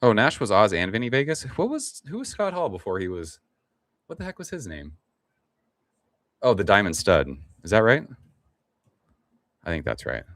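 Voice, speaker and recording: Middle-aged male stream host, very deep and laid-back, rambling and cussing casually. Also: wildly swooping pitch, moderate pace, long pauses, a bit bright, no echo, studio quality. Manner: laid-back, rambling, swears casually, reads chat aloud. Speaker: livestream host. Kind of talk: casual live-stream chat.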